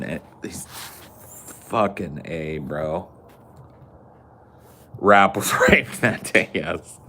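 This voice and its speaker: A man's voice: low voice, animated, very slow, pauses often, bright, forceful tone, slight background noise. A man hosting a podcast in casual chat, joking, swearing a lot and laughing often. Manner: profane, jokey, laughs often. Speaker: podcast host.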